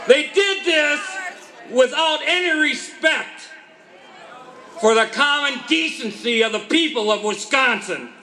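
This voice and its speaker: A man, a highway worker, giving a fiery shouted speech at an outdoor union rally. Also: animated, a little slow, a little hiss or hum. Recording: echoey outdoor PA with loud crowd.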